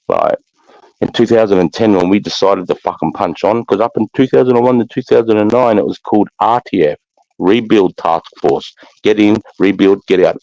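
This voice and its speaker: Brief: Australian ex-soldier, very low and gravelly, blunt and profane, dry muffled recording. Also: male voice, darkish tone, no room sound. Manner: blunt, profane, keeps saying mate. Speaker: army veteran guest. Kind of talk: casual war storytelling.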